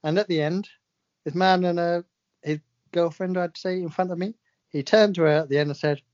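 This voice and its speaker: A man's voice: sits high, steady tone, normal speed, a little mellow. Dry, chuckling man on a podcast. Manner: dry, self-mocking, chuckling. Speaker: podcast co-host. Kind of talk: casual chat. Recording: dull lo-fi podcast audio.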